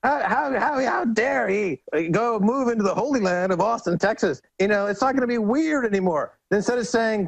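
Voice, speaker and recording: A man appearing as a guest on a radio talk show, ranting indignantly and mockingly with big swings in pitch. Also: expressive, moderate pace, gravelly, hardly any pauses, no room sound, low-quality recording. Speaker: guest commentator.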